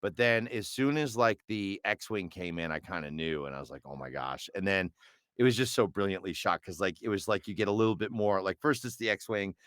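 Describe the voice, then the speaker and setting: A middle-aged voice actor, appearing as an interview guest, chats casually in a low, slightly bright voice at a fairly quick pace, rambling and hesitant with many fillers and restarts. The studio sound is clean with no echo.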